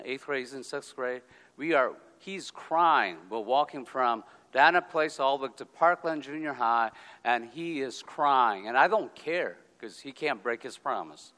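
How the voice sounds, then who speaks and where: A man telling a personal story in a talk, in slow, deliberate phrases broken by pauses. His voice is bright and forceful and sits at a middle pitch. It carries a long reverb from a hall. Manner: deliberate, drawn-out phrases with pauses, checks in with "okay?". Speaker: speaker giving a talk.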